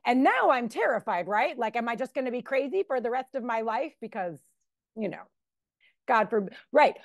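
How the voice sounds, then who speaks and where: A woman's voice: a little high, dry recording, studio quality. A woman in her forties giving a candid, emotional personal recovery testimony at a meeting. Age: 40s. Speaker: member sharing at a recovery meeting.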